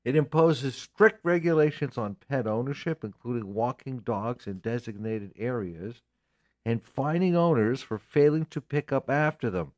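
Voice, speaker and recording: Man co-hosting a radio news segment. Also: mid-range voice. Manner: reads news items in a steady informative way. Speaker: radio show co-host. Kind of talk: live radio talk show, reading news.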